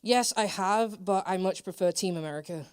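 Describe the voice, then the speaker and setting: A young English woman who is a musician, chatting casually and playfully in an interview, opinionated and quick to laugh. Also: mid-range voice, a little mellow. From England. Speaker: musician guest.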